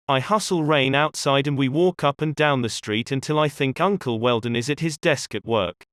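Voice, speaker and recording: A man narrating an audiobook in the first person with measured, expressive storytelling. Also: mid-range voice, no room sound, studio quality. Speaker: audiobook reader.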